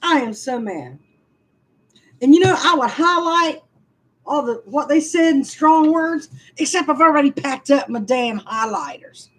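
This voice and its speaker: A woman's voice: high-pitched, normal speed, a bit bright, low-quality recording. A woman in her sixties, venting on a live stream. She sighs often and talks to her chat about her frustration. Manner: frustrated, sighing, speaks to chat.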